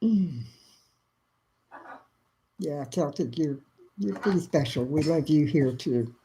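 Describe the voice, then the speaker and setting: A middle-aged woman with a slightly low voice hosts a casual livestream from Texas. She talks softly and warmly to her viewers, reading their comments and greeting each of them by name. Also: expressive, takes it slowly, slight background noise, poor audio. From South Central Texas. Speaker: livestream host.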